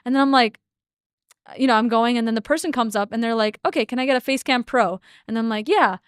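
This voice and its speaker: A woman's voice: on the high side, fast talker, smooth, dry recording, studio quality. A young woman co-hosting a livestream, telling stories in a chatty way and laughing often. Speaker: livestream co-host. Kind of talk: casual livestream chat.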